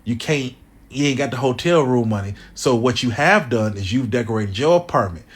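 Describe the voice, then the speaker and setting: A man's voice: mid-range voice, animated, brisk. A man on a podcast telling a made-up story in vivid, slangy casual chat.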